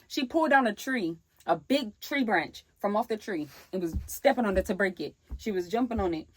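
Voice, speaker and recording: A young woman, telling a storytime vlog in a lively way and acting out the people she quotes. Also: medium pitch, normal speed, few pauses, husky, dry recording. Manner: animated storytelling, acts out quoted voices. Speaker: vlogger.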